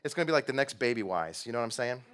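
A young adult male pastor preaches a casual, conversational sermon in church, joking at his own expense and putting questions to the audience. He talks rapid-fire with a sing-song, medium-pitched voice and a fairly bright tone.

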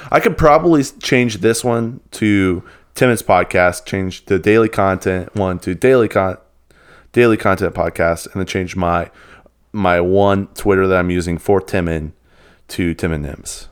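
A man's voice: low voice, measured pace, clear, resonant tone. A young man co-hosting a podcast, laid-back and rambling in casual chat, laughing often. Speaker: podcast co-host.

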